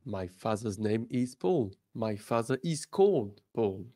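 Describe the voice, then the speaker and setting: A man teaching a beginner language lesson, leading repeat-after-me drills and praising often. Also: fairly low pitch. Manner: slow, expressive, encouraging drills. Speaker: French teacher.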